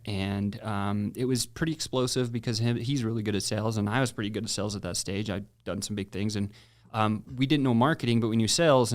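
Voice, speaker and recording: A middle-aged man on a podcast, telling his story in a casual, animated way, with slang and frequent restarts. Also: fairly low pitch.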